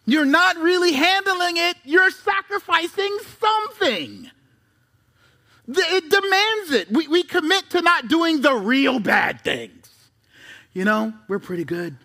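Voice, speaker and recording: A man preaching a sermon as pastor, conversational with rhetorical questions and asides, reading scripture with dramatic pauses. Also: very high-pitched, big pitch swings, bright, forceful tone.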